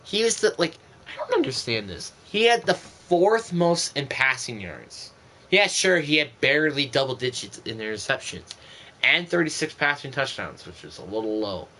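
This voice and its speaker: A man's voice: a little high, very animated, normal speed, pushed and bright. A young man streaming a football video game, giving casual gameplay commentary in an exasperated, ranting way.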